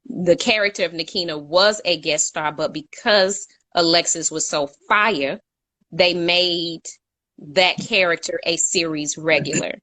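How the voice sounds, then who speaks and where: A woman's voice: fairly low pitch, a little slow, pushed and bright. A woman co-hosting a casual talk show, telling a long story in a chatty way and stopping to correct her own slips with a laugh. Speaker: co-host.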